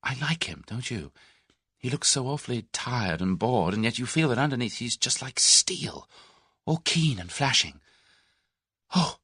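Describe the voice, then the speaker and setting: A man's voice: medium pitch, slightly rough, no echo, clean studio sound, voice pushed up, exaggerated voice. A man voicing Tuppence, an eager, impulsive young woman adventurer, in an audiobook. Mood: excited. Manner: excitable, quick, animated.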